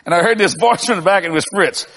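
An older man, a pastor, preaching with lively storytelling, acting out dialogue and laughing often. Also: high voice, fast talker, big-room sound. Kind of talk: sermon.

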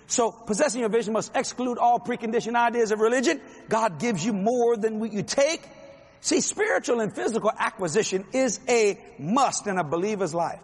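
A man's voice: sits high, slightly rough. A man with a Cajun accent preaching a folksy, joking sermon in a large hall. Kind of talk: sermon with humor and jokes.

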